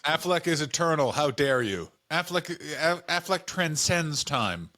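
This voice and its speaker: A man's voice: on the high side, animated, unhurried, bright, forceful tone, dry recording. A man co-hosting a comedy podcast, chatting loosely and joking, often slipping into silly put-on voices. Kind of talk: casual comedic chat.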